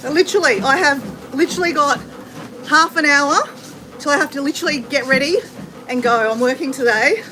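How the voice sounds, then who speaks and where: A high-pitched Australian woman, middle-aged, chats with her viewers while walking on a treadmill. She answers their comments in a casual, friendly flow and sounds a little effortful from walking. Background noise sits clearly behind her. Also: fairly quick, sharp tone. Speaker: livestream host. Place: home with renovation banging. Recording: noisy background with banging.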